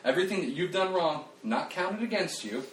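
A man preaching a casual sermon, animated and conversational, joking at his own expense and restarting his sentences often. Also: sits high, brisk, slight background noise. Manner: animated, conversational, self-deprecating, with frequent restarts and fillers. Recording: roomy, distant mic, faint ambience.

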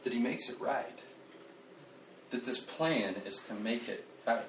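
Roomy, distant sermon from a lively man. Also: medium pitch, measured pace, slight background noise. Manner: animated, conversational, self-deprecating, with frequent restarts and fillers. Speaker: preacher. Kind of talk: casual sermon. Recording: roomy, distant mic, faint ambience.

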